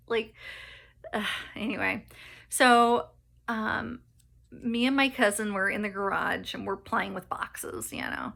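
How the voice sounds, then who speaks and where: A woman's voice: mid-range voice, measured pace, vocal fry, long pauses, a bit bright. A woman telling her personal story in a vlog, hesitant, with many fillers and restarts, near tears and laughing nervously at painful moments.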